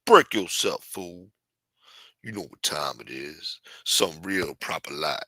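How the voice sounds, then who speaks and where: A man voicing a smooth-talking 1970s West Coast gangster in a low, slow, laid-back drawl. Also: expressive, sharp tone, no echo, heavily acted. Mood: menacing.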